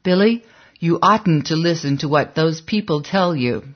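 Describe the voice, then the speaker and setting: A narrator voicing a worried adult wife who speaks in a gentle, coaxing way, read as an audiobook character. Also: medium pitch, a little slow, dull audio, natural voice.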